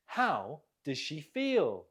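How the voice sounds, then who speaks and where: An English teacher giving an online vocabulary lesson, enunciating each word with care, pausing for learners to repeat and praising them warmly. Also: mid-range voice, huge pitch swings. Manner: deliberate, clearly enunciated, drills pronunciation with pauses for repeating; encouraging, gently praises learners.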